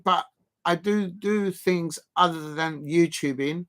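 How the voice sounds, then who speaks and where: Rambling man, slightly high voice. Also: takes it slowly, pushed and bright. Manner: rambling, jokey, prone to mock moaning. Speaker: live-stream host. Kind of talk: casual live-stream chat.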